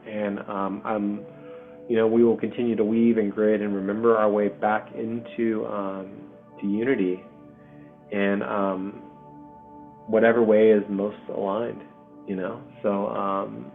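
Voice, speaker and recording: A man hosting a spiritual community video call, speaking softly and hesitantly with many pauses and ums. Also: on the low side, flat delivery, vocal fry. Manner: soft-spoken, hesitant, full of pauses and ums. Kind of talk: heartfelt spiritual community talk. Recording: tinny call audio with faint music.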